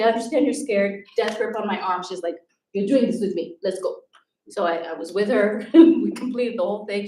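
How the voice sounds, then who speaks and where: Woman telling animated stories from her teaching days, kinda far from the mic, echoey room. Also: mid-range voice. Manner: animated, acts out students' voices. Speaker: former teacher giving a talk. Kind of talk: storytelling talk to an audience. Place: event hall. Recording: roomy, distant from the mic.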